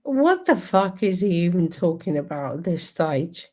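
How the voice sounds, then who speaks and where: A woman's voice: on the low side, sing-song, a little slow, dark tone. A woman streaming, ranting angrily and sarcastically over a played speech, swearing constantly.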